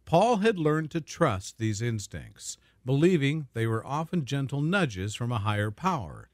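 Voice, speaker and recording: A male narrator reading a scripted dramatic story in a smooth, even storytelling manner. His pitch rises and falls in a lively way, and the close recording sounds dry. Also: unhurried, no echo.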